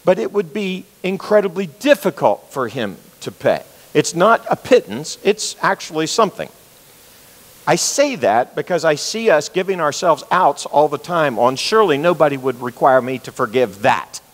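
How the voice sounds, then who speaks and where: Preacher, male, slightly higher voice, earnest and conversational, echoing hall. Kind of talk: sermon.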